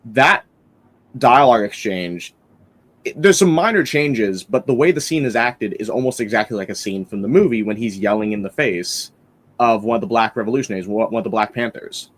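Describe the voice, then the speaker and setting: A man's voice: fairly low pitch, lively intonation, a little fast. A man hosting a casual film-review podcast, rambling enthusiastically with lots of fillers and restarts.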